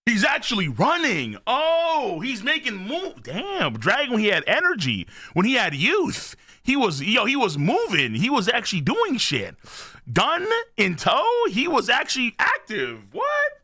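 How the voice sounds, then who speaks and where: A male streamer reacting live to a new manga chapter. He is excitable and curses freely, rambling and repeating himself. His voice is bright, high and very animated, with big pitch swings. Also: unhurried.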